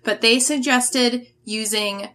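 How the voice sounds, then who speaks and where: A woman's voice: a little high, steady tone, slow, bright, forceful tone. A woman co-hosting a casual board game chat, talking in an eager, gushing way. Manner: enthusiastic, gushing. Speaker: board game podcast co-host.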